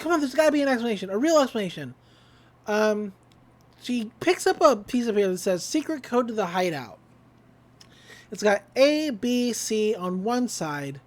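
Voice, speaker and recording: A woman casually recapping a cartoon episode, acting out the characters' lines with frequent laughs. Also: mid-range voice. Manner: animated retelling, acts out quotes, laughs often.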